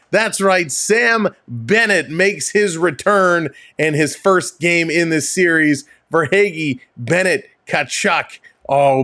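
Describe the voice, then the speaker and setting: Upbeat man hosting a hockey stream. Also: fairly high pitch. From Canada. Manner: energetic, jokey, breaks into laughing fits. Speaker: host of a live hockey stream. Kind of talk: casual live stream commentary.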